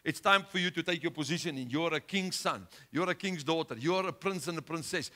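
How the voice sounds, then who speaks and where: Bright-voiced impassioned male preacher. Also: brisk, few pauses. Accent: South African. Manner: impassioned preaching, rising loud then dropping low. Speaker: pastor. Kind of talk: sermon.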